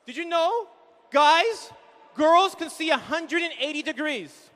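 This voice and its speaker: A man in his thirties doing animated stand-up comedy, acting out quick voices of husbands and wives on a live hall mic. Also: extremely high pitch. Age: 30s. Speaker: comedian speaker at an event. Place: large hall with an audience.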